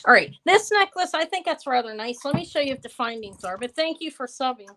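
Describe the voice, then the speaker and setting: A woman in her fifties hosts a live jewelry sale, chatting casually and rambling between pieces as she thanks viewers and answers them. Her voice is high-pitched and brisk, with lively intonation and a sharp tone.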